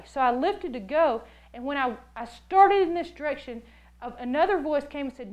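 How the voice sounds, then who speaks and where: A woman preaching a sermon, telling stories in an animated, jokey way and acting out the voices she quotes. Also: high voice, moderate pace, low-quality recording. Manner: jokey, laughs often.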